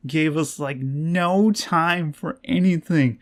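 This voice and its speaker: A man's voice: a little high, unhurried, few pauses. Rambling young man, casual recap. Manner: rambling, swears freely, laughs often, acts out quotes. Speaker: vlogger.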